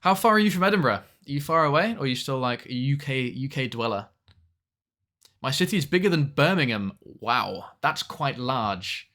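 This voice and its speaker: A man's voice: medium pitch, animated, normal speed, sharp tone. A young man chatting casually with viewers while streaming a game, swearing now and then at the game. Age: young adult. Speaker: streamer reading chat.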